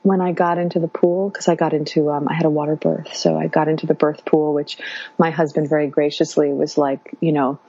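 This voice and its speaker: Dark-toned woman in her thirties, dry lo-fi sound, loose chatty storytelling. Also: sits low, flat delivery, brisk, slightly rough, no echo. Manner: warm, meandering, many fillers. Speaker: guest sharing birth story. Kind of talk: casual interview storytelling. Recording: dull lo-fi sound.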